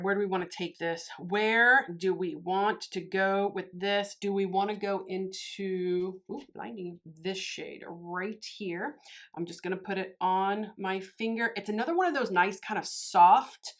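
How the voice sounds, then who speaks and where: A woman chats through a makeup tutorial as a beauty vlogger. She gushes freely and talks straight to her viewers in a relaxed, casual way. Her voice sits at an ordinary middle pitch.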